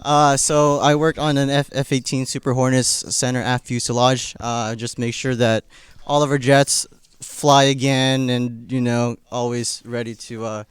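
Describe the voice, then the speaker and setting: A young man introduces himself in a relaxed, good-humored way. His voice is mid-pitched and smooth. It is close and dry. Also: a little slow, dry recording. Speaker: engineer mentor. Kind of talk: self-introduction at an event.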